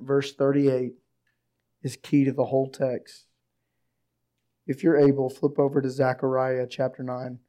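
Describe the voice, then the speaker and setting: Hoarse pastor preaching, dark-toned. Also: male voice, mid-range voice. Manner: reads scripture aloud, rises to excited emphasis. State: hoarse, recovering from illness. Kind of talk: sermon.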